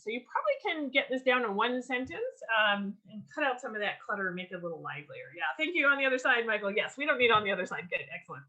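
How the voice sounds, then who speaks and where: A woman teaching a writing workshop over a video call, upbeat and animated, with a voice pitched a little high. Her tone is bright, and she often restarts with an um before carrying on. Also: low-quality recording. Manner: lively, enthusiastic teaching with frequent ums and restarts. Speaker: workshop leader. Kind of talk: online writing workshop lecture.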